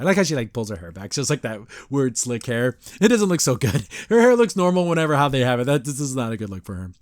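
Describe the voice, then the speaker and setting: A man hosting a podcast, casually recapping a cartoon episode in a rambling, animated way, acting out the characters' lines. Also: medium pitch, fast talker, few pauses, no echo, studio quality.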